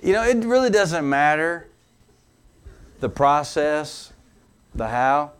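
Lively storytelling male pastor. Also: slow pace, pauses often, smooth. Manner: animated storyteller who laughs along with his own anecdote; drops to a low, earnest tone for the teaching points. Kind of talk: sermon storytelling.

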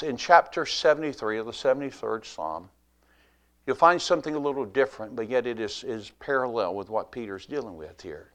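A middle-aged preacher from Alabama speaks. He tells the story in a homey, folksy way. His voice climbs loud for emphasis, then sinks to a near hush. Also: mid-range voice. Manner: animated, folksy, swings between loud and hushed. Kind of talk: sermon.

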